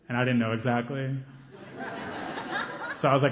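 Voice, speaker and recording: A man performing a stand-up set on stage with a handheld mic, animated and acting out scenes, breaking into high excited yelps. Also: moderate pace, pauses often, background noise. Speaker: stand-up comedian. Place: comedy stage before a live audience. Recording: roomy, slightly dull live recording.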